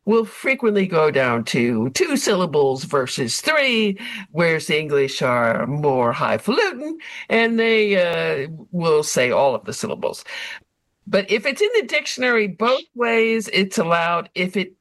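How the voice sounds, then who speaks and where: A woman leading a haiku group, explaining their rules in a lively, rambling way. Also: lowish voice, unhurried, no echo. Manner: animated, explanatory, restarts often. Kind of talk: casual group interview.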